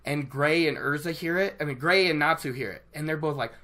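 Excitable rambling book vlogger. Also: medium pitch, a little fast. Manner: excitable, rambling, self-interrupting, laughs often. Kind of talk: casual book discussion to camera.

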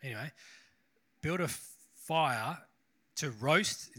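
Guy pastor preaching, bright punchy voice, rambly and self-deprecating. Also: fairly high pitch, animated, slow. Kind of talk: casual sermon.

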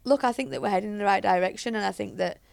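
A woman's voice: medium pitch, animated, rapid-fire, gravelly, darkish tone, no echo. A woman, a head coach chatting as a guest, telling stories with many fillers and restarts. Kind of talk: casual interview chat.

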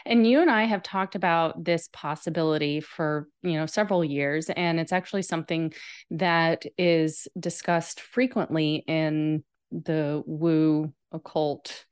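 A woman co-hosting a casual conversation, relaxed and thoughtful, pausing with fillers as she talks. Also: sits low, clear, resonant tone. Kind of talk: casual chat.

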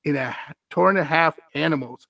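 A man's voice: a little high, moderate pace, creaky, sharp tone, no echo. A man hosting a podcast, reading a scary story aloud and breaking off for wry, amused asides. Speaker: podcast host.

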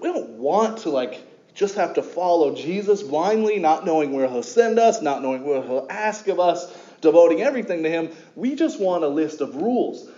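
Casting: male pastor with a mellow voice, conversational sermon, echoey hall on a dull recording. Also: a little high. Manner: conversational, with many fillers and restarts. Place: church sanctuary.

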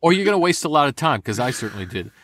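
A man, a voice actor, giving animated, repetitive advice in a casual interview. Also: on the high side, racing, no echo, studio quality. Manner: animated, demonstrative, repeats for emphasis. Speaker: voice actor guest.

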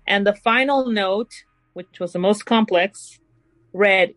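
Woman, podcast host, true crime storytelling, slow deliberate quote reading, dry close sound. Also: medium pitch, fairly bright tone, dry recording, rough recording. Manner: reads quotes slowly and deliberately.

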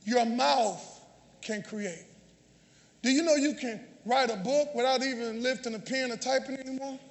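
Male pastor, very high bright voice, call-and-response sermon, long church reverb. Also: moderate pace. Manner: call-and-response preaching, often shouting. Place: church sanctuary.

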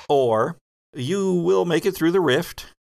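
A man runs a tabletop horror game as its game master. He speaks at an unhurried pace and lingers over each detail as he describes the scene. His narration is measured and descriptive. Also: on the high side, creaky, darkish tone.

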